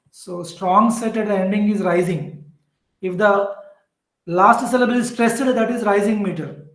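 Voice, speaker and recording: High-voiced teacher, echoey room. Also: male voice, a bit bright. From southern India. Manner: repetitive, patient explaining with frequent "uh" fillers. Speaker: English literature teacher. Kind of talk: exam-prep lecture.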